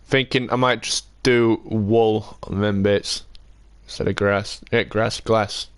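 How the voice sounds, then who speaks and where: A young man streaming a building game, chatting in a relaxed way and answering viewers as he works. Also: fairly low pitch, takes it slowly, clean tone, dry recording. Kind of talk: casual live-stream chat while building in a game.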